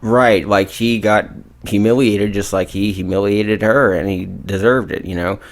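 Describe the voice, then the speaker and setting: A man co-hosting a podcast who retells a movie's plot in a casual, profane and animated way. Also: lowish voice, a little slow. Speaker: podcast co-host.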